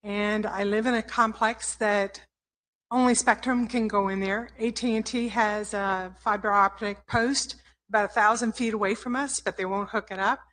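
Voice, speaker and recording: An older woman giving an emotional public comment at a city council meeting, halting and apologetic as she speaks. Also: medium pitch, steady tone, a bit bright, low-quality recording. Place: council chamber. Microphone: podium microphone.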